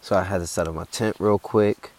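Deep-voiced laid-back young man. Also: steady tone, a little fast, a little mellow. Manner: laid-back, profane, rambling. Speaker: hiker. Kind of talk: casual storytelling.

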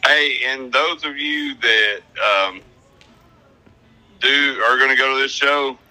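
A man's voice: mid-range voice, takes it slowly, sharp tone, poor audio. A man co-hosting a casual podcast, blunt and joking. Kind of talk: casual chat.

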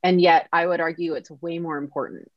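Animated woman telling a story on a podcast. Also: on the low side, fairly quick, no echo. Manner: animated, acts out quoted dialogue. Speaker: podcast guest. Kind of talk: casual storytelling interview. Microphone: podcast mic. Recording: dull lo-fi sound.

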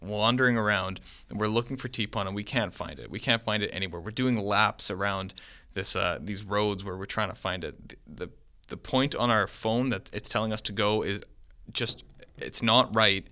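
A man's voice: fairly low pitch, normal speed. A man in his twenties telling a rambling travel story in casual podcast chat. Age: 20s. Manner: rambling, animated storyteller with quoted voices.

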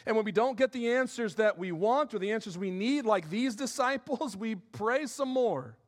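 A man preaching a sermon with passion, repeating words and dropping into soft asides. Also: high voice, expressive, moderate pace. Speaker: pastor.

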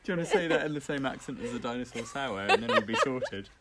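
A man's voice: medium pitch, animated, fast, very noisy. A man co-hosting a casual community radio chat, reading out listener comments with lots of restarts. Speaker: co-host.

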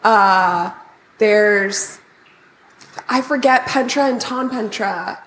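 A woman's voice: medium pitch, very slow, a bit bright, echoey room, low-quality recording. A woman guest on a podcast, hesitant and giggly as she tries the games. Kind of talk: casual podcast chat.

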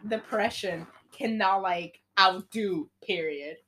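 A woman's voice: medium pitch, a bit bright, slight background noise. Playful young woman telling a story. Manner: playful, acts out characters in quick voices. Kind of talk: casual storytelling chat.

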